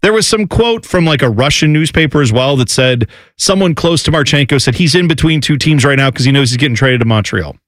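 Animated man in casual sports chat. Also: fairly high pitch, brisk, no echo. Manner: animated, mocking impressions of others. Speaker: sports talk co-host.

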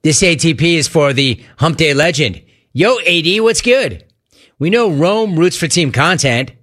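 A man hosting a sports talk show, talking casually in a mocking, animated way with quick asides. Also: a little high. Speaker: sports talk radio host.

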